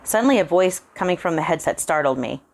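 Low-voiced woman reading a horror story. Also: fast talker. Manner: calm first-person narration.

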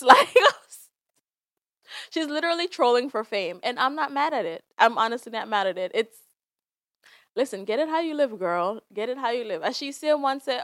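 A woman's voice: on the high side, expressive, a little fast, no echo, clean studio sound. A woman hosting a podcast, chatting casually about celebrity gossip with frequent laughs and fillers. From Jamaica. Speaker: podcast host.

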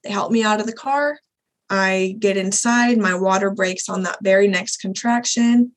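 A young adult woman, a birth doula, telling her own birth story as a guest in a podcast interview, candid and animated, voicing the people she quotes. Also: medium pitch, normal speed, poor audio. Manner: candid, animated retelling, acts out quoted dialogue.

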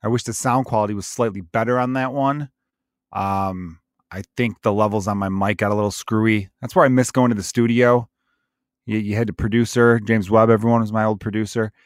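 A man's voice: lowish voice, steady tone, brisk, no echo, studio quality. A man hosting his podcast solo, ranting crudely and comically, jumping into mocking voices when he quotes people. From Chicago area. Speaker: podcast host. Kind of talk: solo comedic rant. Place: home setup, remote recording.

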